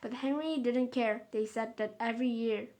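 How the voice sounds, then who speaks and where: A woman's voice: fairly high pitch, fairly even intonation, normal speed, a little mellow. A woman reading a children's story aloud carefully, with small stumbles and restarts.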